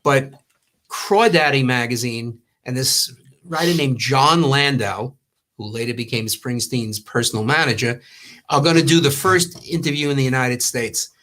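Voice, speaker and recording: Speaking at a normal speed in a mid-range voice, an older Long Island man who used to own a magazine tells long stories in casual talk. He acts out the quotes as he goes, rambling in a warm, storytelling way.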